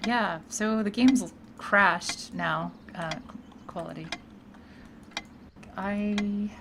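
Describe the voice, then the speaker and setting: A young woman streaming a game with bored, deadpan, sarcastic commentary and muttered asides. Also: mid-range voice, background noise. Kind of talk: sarcastic let's-play commentary. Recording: game music behind the voice.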